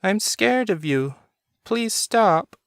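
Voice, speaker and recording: A man's voice: high-pitched, expressive, slow, a bit bright, clear, resonant tone, no echo, clean studio sound, pitched above the performer's own voice, exaggerated voice. A man voicing a small, frightened boy who pleads through tears. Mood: pleading. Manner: pleading, tearful.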